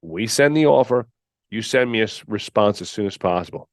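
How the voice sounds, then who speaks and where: A man with a lowish voice delivers a blunt coaching monologue as a podcast host, hammering his points home. He is recorded dry and close, with no room sound. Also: lively intonation, a little fast, no echo. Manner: blunt, emphatic, peppered with "all right"; mocks candidates in put-on whiny voices. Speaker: podcast host and gym owner.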